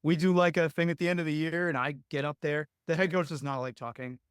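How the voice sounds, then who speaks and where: A man's voice: on the high side, fairly even intonation, fast, smooth, no room sound, studio quality. A young adult man telling coaching stories in casual podcast talk, earnest and rambling with many fillers. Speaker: lacrosse coach, podcast guest.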